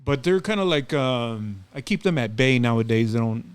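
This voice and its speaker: A man's voice: mid-range voice, normal speed, clear, resonant tone, dry recording. A middle-aged man, a community activist, telling stories as a podcast guest in loose casual talk, acting out dialogue between fillers. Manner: animated, acts out quoted dialogue, loose with fillers. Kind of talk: casual storytelling.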